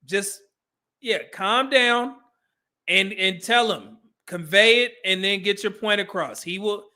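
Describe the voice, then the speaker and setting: A man with a high, bright voice hosts a reaction stream. He talks in loud, slangy bursts and laughs often while handing out advice. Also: slow pace. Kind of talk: casual commentary.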